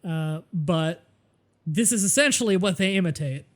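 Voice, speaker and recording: Streaming a game, this young Southern Ontario Canadian talks in a high voice at a moderate pace. His casual commentary is chatty and lively, full of easy laughter and long explanations.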